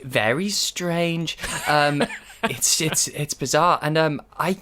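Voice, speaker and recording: A man's voice: on the high side, slow pace, bright, forceful tone, slight background noise. A man hosting a horror film podcast, talking casually and laughing often. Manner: laughs often, hesitant with fillers. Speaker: podcast host.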